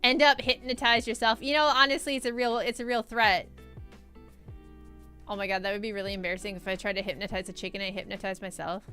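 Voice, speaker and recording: A woman streamer chatting casually and telling stories while answering chat, animated and laughing often. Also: medium pitch, fast talker, faint music behind.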